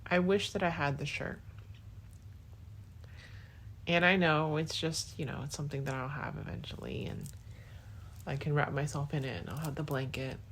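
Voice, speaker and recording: Young woman rambling to her partner on her podcast, soft and heartfelt, lots of "like", voice sits a bit low. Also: moderate pace, pauses often, slightly rough. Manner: rambling, full of "like" and restarts. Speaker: podcast host. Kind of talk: casual spoken diary to a partner.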